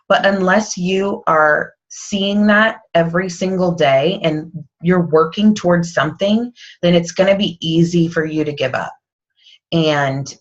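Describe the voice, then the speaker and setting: A woman team coach speaking candidly and motivationally on a casual group call, quick to poke fun at herself. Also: fairly low pitch, highs cut off. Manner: candid, motivational, self-deprecating. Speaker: fitness coach.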